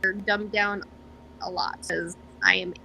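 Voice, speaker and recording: A woman's voice: mid-range voice, little pitch movement, a little slow, gravelly, pushed and bright, slight background noise, low-quality recording. A young woman guest on a podcast, chatting casually and rambling with lots of fillers and self-deprecating asides. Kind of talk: casual chat.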